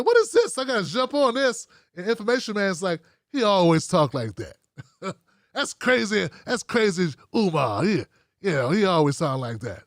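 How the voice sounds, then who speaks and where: A man hosting a call-in show, talking in an animated, loose, slangy way and taking callers. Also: high voice, no echo, studio quality. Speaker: host.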